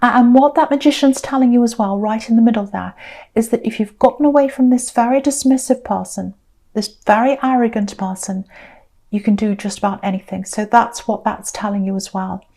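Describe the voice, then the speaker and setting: A woman's voice: on the high side, fairly even intonation, a little fast, warm tone. A woman giving an intuitive tarot reading, earnest and repeating her phrases for emphasis. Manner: acts out quoted people in a mocking voice. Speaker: tarot reader.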